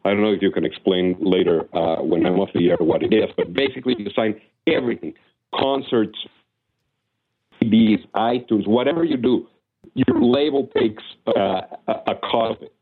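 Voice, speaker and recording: A man calling in to a radio show, talking haltingly with many restarts. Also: lowish voice, slightly rough. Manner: hesitant, many restarts and fillers. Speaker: caller. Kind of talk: casual call-in chat. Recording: tinny phone line.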